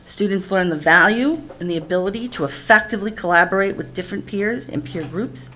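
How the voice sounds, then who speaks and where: A woman, a district literacy administrator, reading a formal, measured presentation narration. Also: mid-range voice, sharp tone.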